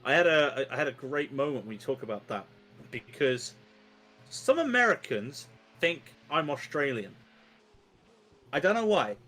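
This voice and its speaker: An English man commentating a long motor race, chatty and laughing as he tells stories between updates. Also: mid-range voice. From England. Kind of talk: casual co-commentary chat. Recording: commentary over loud race-car sound.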